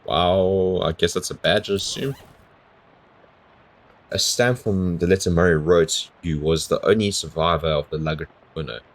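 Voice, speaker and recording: A man's voice: sits low, a little slow. A man doing let's play commentary, reading game text aloud with bemused asides. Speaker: gamer.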